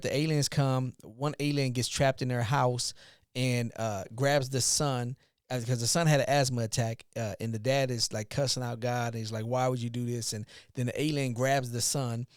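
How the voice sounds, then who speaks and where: A man co-hosting a podcast, retelling a story in an animated, rambling way with restarts. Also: mid-range voice, no room sound, studio quality. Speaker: podcast co-host, father, youth mentor. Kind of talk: casual storytelling.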